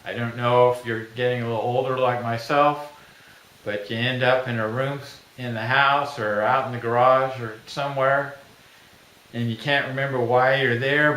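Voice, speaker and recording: A middle-aged man pitching his own invention in a plain, folksy way, acting out little everyday scenes. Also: fairly bright tone. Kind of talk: product pitch video. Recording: echoey room.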